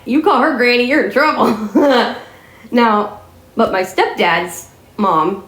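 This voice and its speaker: A woman's voice: a little high, fairly bright tone. A woman raised in the American South, chatting and telling stories in a rambling, casual way. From Southern United States. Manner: chatty, rambling, often says "freaking". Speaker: vlogger. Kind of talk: casual storytelling chat. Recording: echoey room.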